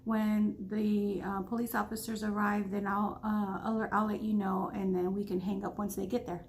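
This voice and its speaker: A woman's voice: mid-range voice, little pitch movement, normal speed, a little mellow, a little hiss or hum. A woman vlogger earnestly retelling a frightening night, acting out the dialogue with many restarts. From Texas. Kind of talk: storytime vlog.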